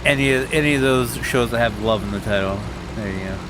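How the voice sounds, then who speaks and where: A man's voice: medium pitch, brisk. A man joking and teasing in a casual chat while gaming. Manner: teasing and jokey. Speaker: co-player in chat. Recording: loud steady background hum.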